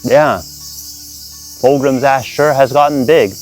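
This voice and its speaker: A woman host narrating a comedy video in a wry, deadpan way. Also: rumbling low, takes it slowly, faint music behind. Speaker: channel host.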